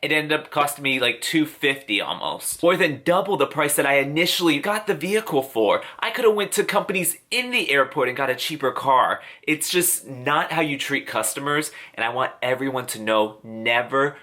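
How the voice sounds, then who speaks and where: A man's voice: fairly high pitch, lively intonation, normal speed, hardly any pauses, pushed and bright. A young man telling an angry storytime rant to camera, heated and indignant. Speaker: vlogger.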